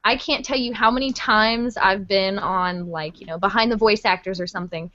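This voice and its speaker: A woman's voice: mid-range voice, moderate pace, sharp tone. A woman who is a fan voice actor, talking earnestly with many fillers in casual podcast chat, on dull lo-fi audio.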